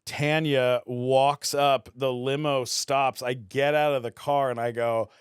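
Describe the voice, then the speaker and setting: A man's voice: medium pitch, steady tone, takes it slowly, clean tone, no room sound, clean studio sound. A man from Canada, telling stories as a guest on a podcast and acting out other people's voices as he goes. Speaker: guest, actor. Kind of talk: casual storytelling in a podcast interview.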